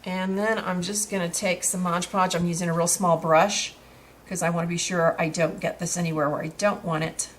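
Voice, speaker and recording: Lady with a lowish voice chatting through a craft tutorial, lots of ums, bit of hiss in the background. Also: flat delivery, moderate pace. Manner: chatty, with many fillers and restarts while working.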